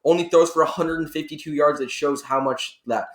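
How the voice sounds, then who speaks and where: A man talks through a weekend of football in a loose, rambling way, often stopping to correct himself. His voice sits a bit high for a man. The sound bounces around an echoey room. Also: fairly quick, a bit bright. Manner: rambling, self-correcting game recap. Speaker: sports podcast co-host. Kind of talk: casual sports analysis chat.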